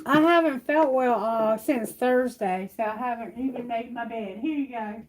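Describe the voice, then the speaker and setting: A woman giving a live-stream tarot reading at home. She reassures viewers warmly, calls them sweetheart, and asks her questions aloud to Spirit. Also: a little high, moderate pace, a little hiss or hum, rough recording. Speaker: tarot reader. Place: at home, near her bedroom.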